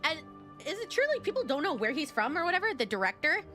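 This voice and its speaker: A woman's voice: high voice, very animated, quick pace, a bit bright, soft background music. A woman streamer chatting casually with her viewers, giggly and rambling, with lots of fillers. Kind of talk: casual reaction chat.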